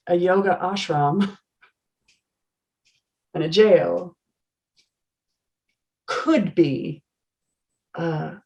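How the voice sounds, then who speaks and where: A woman in her forties, a yoga teacher, telling an earnest, animated story on a video call with laughs and restarts. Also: fairly low pitch.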